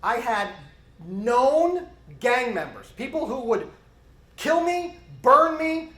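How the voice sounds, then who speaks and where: A middle-aged man training police officers, giving an animated conference presentation and acting out bits of interview dialogue. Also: very high-pitched, slow pace. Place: conference hall. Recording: echoey conference hall.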